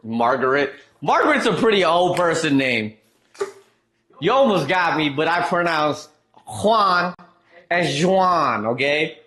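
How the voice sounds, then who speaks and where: A man's voice: on the high side, lively intonation, a little slow, pushed and bright. A man streaming live, chatting casually and reading out chat messages, trailing off and restarting as he goes.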